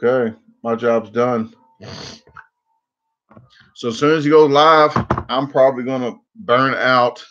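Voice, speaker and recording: Man, livestream host, bright forceful voice, jokey rambling chat, muffled lo-fi audio. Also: mid-range voice, unhurried, pauses often. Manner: joking, rambling, repeats words for laughs.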